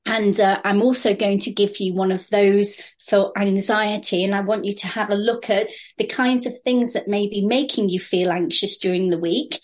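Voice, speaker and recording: A woman explaining a therapy exercise in a training session, calm and steady with occasional fillers. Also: medium pitch, normal speed, hardly any pauses.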